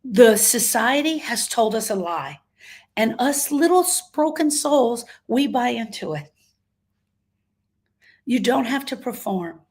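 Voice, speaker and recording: A woman's voice: fairly high pitch, animated, takes it slowly, pauses often, slightly rough. A woman hosting a live grief coaching talk, emphatic and full of rhetorical questions, reading out comments from her audience. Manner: reads out audience comments warmly. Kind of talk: motivational livestream talk.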